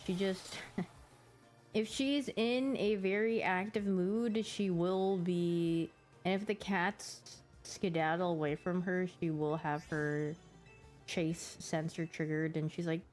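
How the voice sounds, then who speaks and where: A woman's voice: fairly low pitch, a little slow, a little mellow, soft background music. A young woman streamer chatting casually about her pets, giggly and playful, putting on little voices for them.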